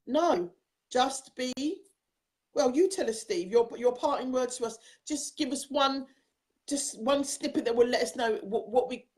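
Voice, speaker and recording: A woman's voice: a little high, a little mellow. A woman with a South London accent hosting a casual video-call chat, chatty and teasing. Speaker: host.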